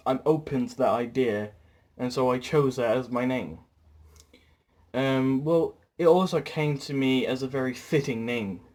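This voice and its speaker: A young British man talking casually to camera in a rambling, chatty vlog with fillers. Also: mid-range voice. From Britain. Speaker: YouTuber.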